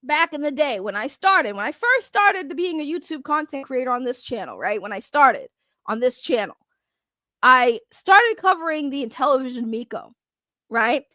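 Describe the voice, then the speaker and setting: High-voiced woman in a heated profane rant. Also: big pitch swings, no room sound. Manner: profane, heated, mocking, swings loud and fast. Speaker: drama commentary YouTuber.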